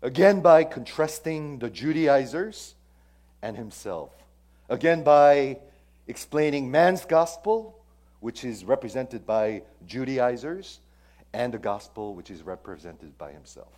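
Emphatic male preacher with hushed asides. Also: medium pitch, lively intonation, unhurried. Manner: emphatic, swings between loud stresses and hushed near-whispers; asks the congregation questions. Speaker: pastor. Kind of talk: sermon.

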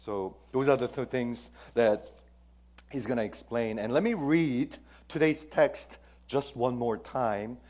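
A male pastor delivering a sermon, his voice sitting at an ordinary middle pitch. He questions the congregation directly. He punches key words loudly and then drops to hushed, almost whispered lines for weight. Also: slow. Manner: emphatic, swings between loud stresses and hushed near-whispers.

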